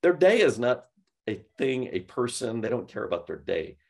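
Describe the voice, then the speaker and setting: A man teaching cold calling in a webinar, telling stories with lively quoted dialogue. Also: mid-range voice, normal speed. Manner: animated storytelling, mimics voices in quoted dialogue. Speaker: sales trainer.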